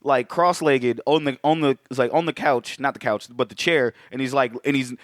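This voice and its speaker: A man co-hosting a podcast, casually recapping a film and swearing a lot as he acts out lines in quick voices. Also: medium pitch, no echo, studio quality. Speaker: podcast co-host.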